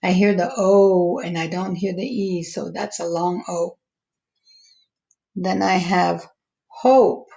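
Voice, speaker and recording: A woman teacher slowly walking young students through a phonics lesson, stretching out each word's sounds. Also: fairly low pitch, steady tone, creaky, dark tone, muffled recording. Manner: slow, patient, stretching out each word sound.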